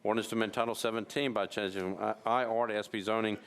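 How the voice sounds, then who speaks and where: A man presiding over a city council meeting, reading bills and calling votes in a brisk, routine procedural cadence. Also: fairly low pitch, fairly even intonation, a bit bright, a little hiss or hum. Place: council chamber.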